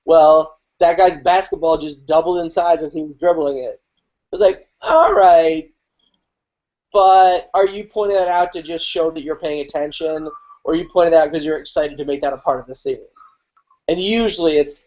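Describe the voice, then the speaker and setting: A man who teaches improv, chatting animatedly with quick, profane asides. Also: a little high, fairly even intonation, a little mellow. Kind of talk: casual panel chat. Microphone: video call. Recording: lo-fi video call audio.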